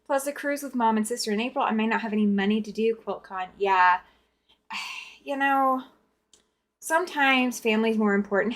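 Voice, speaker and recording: A woman's voice: fairly high pitch, normal speed. A woman hosting a live quilting stream, chatting casually and greeting viewers by name while she sews. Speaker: quilting livestream host.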